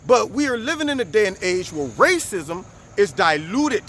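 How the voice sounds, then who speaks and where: A man hosting a vlog, giving an animated, preachy political monologue outdoors on camera. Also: high voice, moderate pace, a little hiss or hum. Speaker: vlog host. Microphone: camera recording himself.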